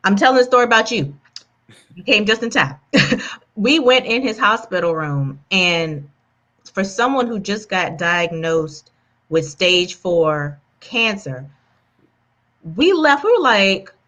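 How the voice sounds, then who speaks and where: A woman's voice: medium pitch, big pitch swings, takes it slowly, fairly bright tone. A woman guest on a talk show, telling a story in an earnest, chatty way full of fillers. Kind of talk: casual talk-show chat.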